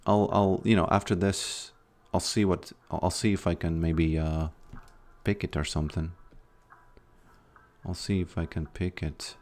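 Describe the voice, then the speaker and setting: A man's voice: low-pitched, steady tone, unhurried, darkish tone, soft background music. A man casually commentating his own game on a live stream, thinking aloud and often restarting his sentences.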